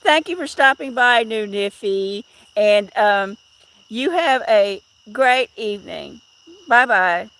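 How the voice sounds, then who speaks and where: A chatty middle-aged woman hosting a live stream outdoors at night, rambling along and greeting her viewers by name. Her voice sits a little high and bright, with a gravelly edge. Crickets chirp faintly behind her. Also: lively intonation, slow. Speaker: livestream host.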